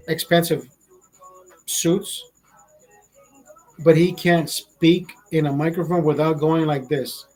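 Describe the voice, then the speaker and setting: A man's voice: on the high side, a little mellow, husky, rough recording. A man in his forties from Honduras with a Honduran accent, delivering a blunt, profane, indignant rant to camera. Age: 40s. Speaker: vlogger. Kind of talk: casual ranting monologue.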